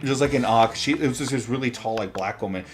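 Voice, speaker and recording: A man's voice: mid-range voice, fast talker, over music. A young adult man, a streamer, telling rambling stories in casual chat while playing a game, with many "like" fillers. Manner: rambling storyteller, heavy use of "like".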